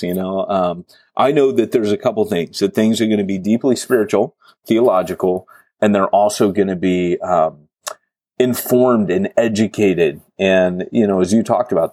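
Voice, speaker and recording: A man with a lowish, slightly mellow voice hosts a podcast interview, chatting casually in a rambling, jokey style and often cutting himself off. There's no room sound.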